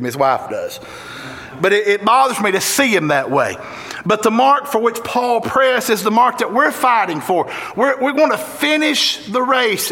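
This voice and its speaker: Southern tennessee guy preaching, fired up and folksy, kinda high voice, big echoey church. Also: pushed and bright. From Tennessee, USA. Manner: fervent and folksy, with bursts of exclamation. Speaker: guest preacher. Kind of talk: sermon. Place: church sanctuary. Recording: echoey church hall reverb.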